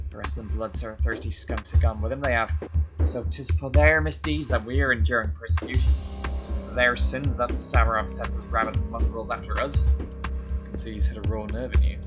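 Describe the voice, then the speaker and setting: A man voicing a foul-mouthed, bitter male gang boss with a coarse folksy dialect and a wandering put-on accent, reading game dialogue aloud over loud game music. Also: mid-range voice, lightly acted.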